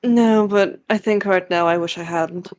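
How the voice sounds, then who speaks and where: A woman's voice: medium pitch, fairly even intonation, a little slow, a little mellow, no room sound. A woman playing in a tabletop game, talking in a dry, wary, proper way. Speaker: player. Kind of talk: in-character table talk.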